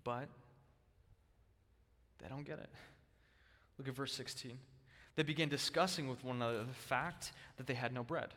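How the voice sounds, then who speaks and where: A male pastor preaching a sermon, with emphatic stress that swings between loud bursts and hushed, low lines. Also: moderate pace, pauses often. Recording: long hall reverb.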